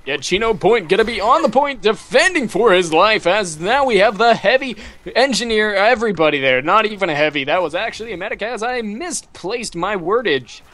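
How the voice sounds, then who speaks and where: A commentator calling a video game match with rapid play-by-play, saying "gonna be" constantly. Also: medium pitch, expressive, a bit bright, no echo. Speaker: esports commentator.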